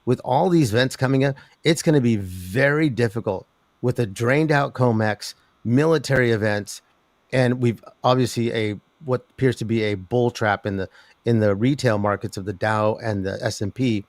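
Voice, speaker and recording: An older man, a guest in an interview talking about metals markets, who rambles with an animated delivery, many restarts and laughs. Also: mid-range voice, normal speed, no room sound. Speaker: precious metals commentator.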